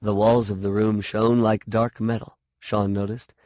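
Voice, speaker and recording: Male storybook narrator, slow and deliberate, dry close sound. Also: lowish voice, little pitch movement, a little mellow, dry recording. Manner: slow, measured reading.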